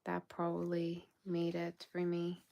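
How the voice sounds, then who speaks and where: A tired woman closes out a late-night tarot livestream, speaking softly and affectionately and often sinking to a whisper. Her voice sits low with a gravelly fry. She keeps a flat, even delivery. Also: a little slow. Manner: soft-spoken, affectionate, often drops to a whisper. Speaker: tarot reader hosting a livestream. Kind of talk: casual livestream sign-off chat.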